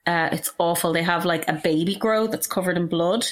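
A woman's voice: fairly low pitch, a little fast. A young woman in casual chat, talking with heated emotion and frequent swearing. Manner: impassioned, emotional, swears freely.

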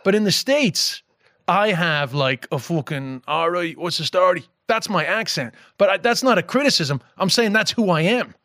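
Guest, man, strong New York accent, lively and profane, slightly high voice, close dry mic. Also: moderate pace, no room sound. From New York, Queens. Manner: animated, swears freely, acts out voices. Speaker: comedian guest. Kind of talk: casual podcast chat.

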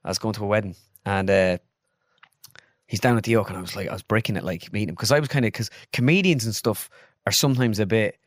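A man's voice: on the low side, fast talker, dry recording, clean studio sound. Chatty Irish man, rambling storyteller. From Ireland. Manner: rambling, animated, breaks into impressions. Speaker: guest. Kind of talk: casual chat.

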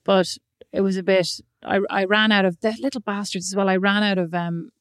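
A middle-aged woman co-hosting a podcast, chatting casually and telling stories in a calm way. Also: mid-range voice, a little fast, dry recording. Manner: calm, storytelling. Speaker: podcast co-host. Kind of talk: casual chat.

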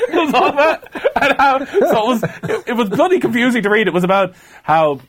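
A man's voice: very high voice, expressive, moderate pace, a bit bright. A man co-hosting a podcast, laughing through his own story in a casual chat. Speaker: podcast co-host.

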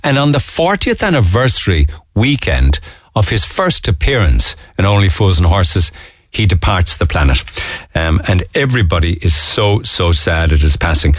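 A man hosts a morning radio show in a low, relaxed voice. He rambles from story to story with jokey asides. The studio sound is dry and close. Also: normal speed, no room sound. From Ireland. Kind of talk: casual radio chat. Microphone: studio microphone.

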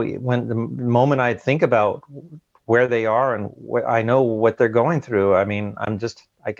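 A man speaks as an interview guest with a gravelly, creaky voice. He talks in an earnest, halting way, often doubling back on his words. The sound is dry and muffled, like a lo-fi remote line. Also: medium pitch, dry recording. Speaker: guest recounting a submersible ordeal. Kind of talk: emotional interview account.

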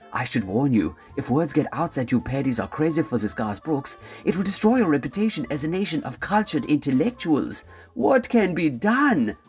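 A pompous German man, put on by a comic performer, lectures in a German accent. The voice swoops widely in pitch and sits mid-range. Faint music plays behind. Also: darkish tone, natural voice. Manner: dry, condescending, lecturing. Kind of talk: comic radio sketch.

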